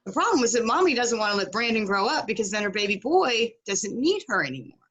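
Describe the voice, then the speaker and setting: A woman's voice: a little high, fast, breathy edge. A middle-aged woman telling a story as a podcast guest, acting out the people she quotes. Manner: animated, acts out quoted voices. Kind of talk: casual storytelling.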